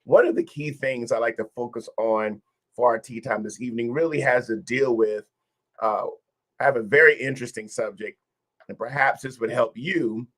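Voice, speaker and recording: A man's voice: mid-range voice, moderate pace, fairly bright tone. A man hosting a livestreamed wellness session, encouraging viewers and repeating key phrases. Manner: encouraging, repetitive phrasing, addresses viewers directly.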